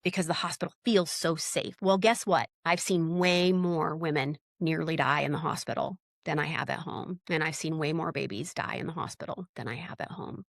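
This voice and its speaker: A woman's voice: low voice, normal speed, vocal fry, hardly any pauses, no room sound, studio quality. A woman in her forties, a birth worker speaking as a podcast guest, talking candidly and emphatically and often acting out what people said. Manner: emphatic, animated, acts out quoted dialogue. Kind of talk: candid conversational storytelling.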